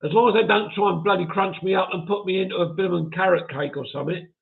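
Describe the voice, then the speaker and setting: Gravelly man chatting over tinny audio. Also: high voice, quick pace. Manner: chatty, chuckles often, self-mocking. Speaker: live stream host. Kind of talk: casual chat reading viewer comments.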